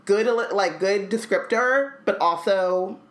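A woman's voice: medium pitch, slow pace. A woman co-hosting a casual book podcast, reading passages aloud and joking about them. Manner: reads passages aloud, then riffs with loose jokes. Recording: echoey room.

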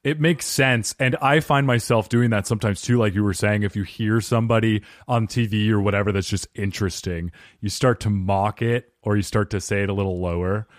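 A man's voice: fairly low pitch, fairly even intonation, a little fast, hardly any pauses, no echo. Joking male podcast host, dry sound. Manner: playful, joking. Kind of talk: casual podcast chat.

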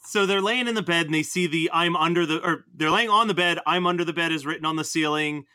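A man hosting a casual podcast, retelling film scenes in an animated way and laughing often. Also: a little high, fast, dry recording. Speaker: podcast host. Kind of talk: casual movie discussion.

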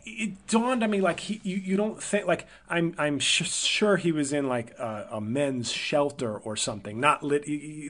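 A man at a middle pitch hosts his podcast with a loose, conversational story. He wanders through his thoughts, restarting and correcting himself as he goes. His voice lifts and brightens whenever he quotes someone. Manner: rambling, self-correcting, thinks aloud; livelier and higher when quoting people. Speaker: podcast host. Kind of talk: casual storytelling monologue.

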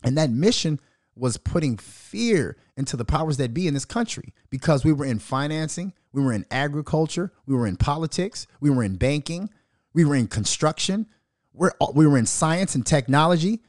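A man hosting a podcast in a heated, profane rant, his voice swinging widely up and down as he pushes his points. He sits a little higher than most men, and the sound is dry and close with no room around it. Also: lively intonation, normal speed, a little mellow, no echo. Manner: aggressive, profane and venomous. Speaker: podcast host.

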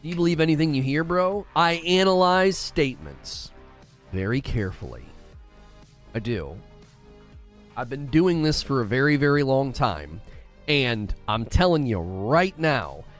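Skeptical, animated male streamer. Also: on the high side, no room sound. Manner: skeptical, argumentative, repeats words. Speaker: streamer reading chat. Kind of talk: casual live-stream chat.

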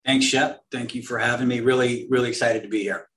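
A man who is a marketing executive, speaking as an eager, energetic guest in a business interview. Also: medium pitch, fairly quick.

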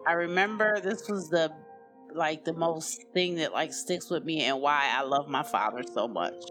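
A woman's voice: low-pitched, moderate pace, over music. A woman candidly telling her own life story in a loose, conversational way, with lots of "you know" and "like". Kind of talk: personal storytelling, unscripted.

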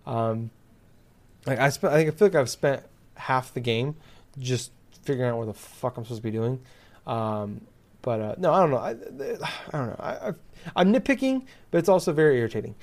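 A man's voice: mid-range voice, lively intonation, fast talker, a little mellow. A man in casual chat, ranting with exasperation and heavy swearing, full of fillers.

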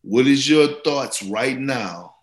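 A man's voice: mid-range voice, animated, slow pace, reverberant. A man co-hosting a podcast, chatting about sports in a playful, repetitive, slangy way. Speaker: podcast co-host. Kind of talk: casual sports talk.

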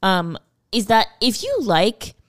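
A young woman co-hosting a casual podcast, her pitch swinging widely as she talks. She jokes, swears freely and repeats phrases for emphasis. The sound is dry and close. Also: slow, dry recording. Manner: animated, swearing, playful emphatic repetition. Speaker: podcast co-host. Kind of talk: casual chat.

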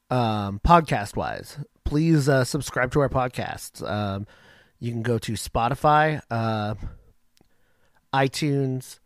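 A man hosting a radio show in a casual, rambling way, swearing freely and filling pauses with ums. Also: medium pitch, no room sound, clean studio sound. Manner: rambling, profane, lots of ums. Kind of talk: casual talk-radio intro. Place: home radio setup.

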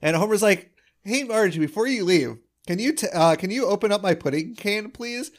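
A man's voice: sits high, moderate pace. A man co-hosting a podcast in casual chat, acting out quoted lines as he recaps a cartoon episode. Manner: animated, acts out quoted lines. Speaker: podcast co-host.

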